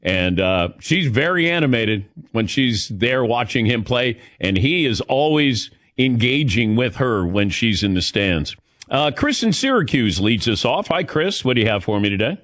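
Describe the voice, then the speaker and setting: Middle-aged guy hosting sports radio, joking around, mid-pitched voice. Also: animated, normal speed, fairly bright tone. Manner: joking, chatty, takes callers. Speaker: radio sports talk show host. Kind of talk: casual sports talk radio chat.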